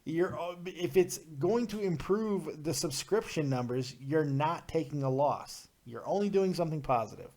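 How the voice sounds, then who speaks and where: A man's voice: fairly high pitch, animated, moderate pace, hardly any pauses, a little mellow. A man hosting a live call-in show, talking bluntly and ranting with lots of swearing. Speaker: podcast host.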